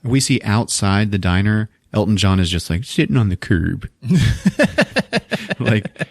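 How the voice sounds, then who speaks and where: A man's voice: on the low side, very animated, slow, no room sound. A man hosting a podcast, casually retelling a movie plot with lots of laughing and swearing. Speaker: podcast host.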